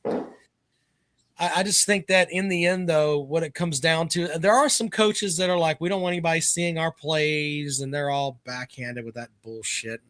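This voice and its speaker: A man's voice: fairly high pitch, expressive, measured pace, fairly bright tone, no echo. A man co-hosting a casual sports chat show, talking bluntly and swearing freely. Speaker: co-host.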